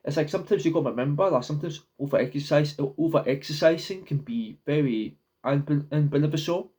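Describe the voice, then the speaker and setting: Talking loosely to camera in his own vlog, a young man speaks in a warm, somewhat high voice. His delivery is halting and rambling, full of repeated and restarted words.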